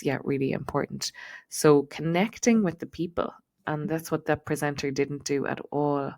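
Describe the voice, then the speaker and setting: A woman with a neutral Irish accent, giving a chatty solo podcast talk as host and coach, with frequent ums and likes. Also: rumbling low. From Ireland.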